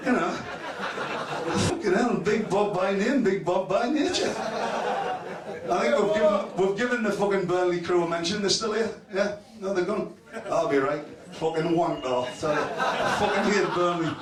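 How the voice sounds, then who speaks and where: This is crude roasting banter from a man hosting a club's awards night, his voice sitting high and moving at a moderate clip as he laughs through swear-filled jokes. Recorded far from the mic in an echoey function room, it carries loud laughter from the audience.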